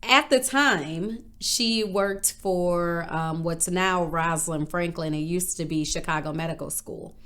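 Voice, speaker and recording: A woman from northern Illinois telling her life story in a casual interview, animated and acting out other people's voices as she goes. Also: unhurried, hardly any pauses. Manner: animated, acts out quoted voices with big pitch jumps. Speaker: interview guest.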